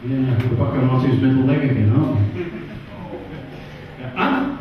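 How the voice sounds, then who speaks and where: An English man doing a stand-up comedy set on a pub stage, animated and jumping into high voices for characters. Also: a little slow, long pauses, noisy background. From England. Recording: distant, roomy and muffled pub recording.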